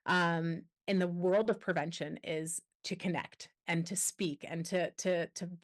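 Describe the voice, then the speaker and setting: A woman guest on a podcast interview, telling a personal story with candid, animated energy and quoting others as she goes. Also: lowish voice, measured pace. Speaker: guest, anti-trafficking expert.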